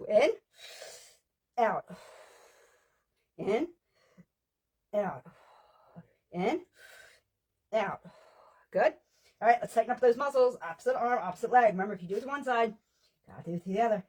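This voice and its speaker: Breathy woman counting workout reps. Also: a little high, very fast. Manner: energetic rep counting with chatty asides. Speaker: fitness instructor. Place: at work, on the floor.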